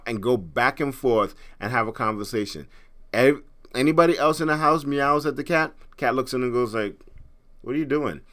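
A man's voice: mid-range voice, a bit bright. A middle-aged man from Trinidad hosting a podcast in casual, rambling chat, with frequent restarts. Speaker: podcast host.

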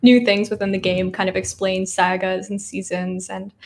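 A woman's voice: mid-range voice, flat delivery, normal speed, creaky, darkish tone, a little hiss or hum. Upbeat woman answering interview questions. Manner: upbeat, enthusiastic, many yeahs. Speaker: game developer guest. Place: home.

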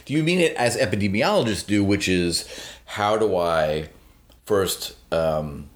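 Man, lowish voice, sardonic podcast commentary, rambling with fillers. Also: expressive, measured pace. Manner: sardonic, mocks a phrase in a sing-song voice; hesitant fillers, long digressions. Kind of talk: opinionated political talk.

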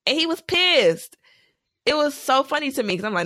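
Animated young woman telling stories. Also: high voice, normal speed, no echo, studio quality. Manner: animated storytelling, laughing often. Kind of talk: casual chat.

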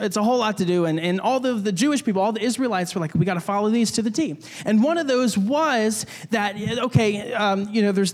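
A young man with a fairly high voice preaches in a relaxed, chatty way, full of restarts and little jokes. His words ring out with a long reverb, as in a church hall. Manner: conversational, many restarts, jokey asides. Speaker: pastor. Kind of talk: casual sermon.

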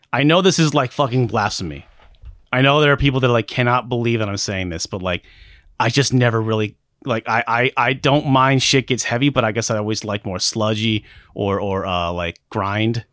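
A man's voice: medium pitch, moderate pace, a bit bright, dry recording, clean studio sound. Rambling, profane man chatting on a podcast. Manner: rambling, profane, self-deprecating, with many restarts. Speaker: podcast co-host. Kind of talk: casual chat.

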